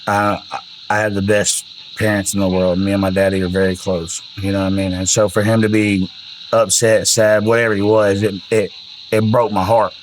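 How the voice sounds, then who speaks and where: A man's voice: fairly low pitch, flat delivery, moderate pace, slight background noise, low-quality recording. A man, telling rambling, profane stories about his music in a casual way. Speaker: country singer telling album stories. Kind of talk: casual storytelling.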